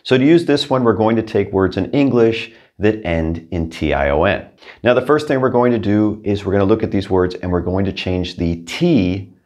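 Male language teacher, deep voice, patient and clear, slow repeated example words. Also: darkish tone, lo-fi sound. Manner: patient, clear, repeats each word twice. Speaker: Spanish teacher. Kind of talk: scripted language lesson.

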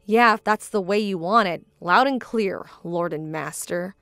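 A woman voicing a hurt, firm young bride-to-be who speaks in a measured, indignant tone. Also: medium pitch, bright, forceful tone, smooth, no room sound, soft background music, lightly acted. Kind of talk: dramatized story voice acting.

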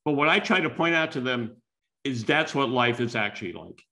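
An older man from the United States delivers a talk as a string of personal stories. His voice is bright and forward, and he acts out the quoted dialogue as he goes. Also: mid-range voice, moderate pace. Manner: animated storyteller acting out quoted dialogue. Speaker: keynote speaker and business school teacher. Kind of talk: storytelling talk.

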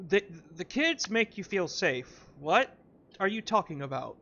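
A man's voice: high voice, sing-song, a little slow, gravelly, highs cut off, a crowd in the background. A man giving blunt, sarcastic reaction commentary with some swearing.

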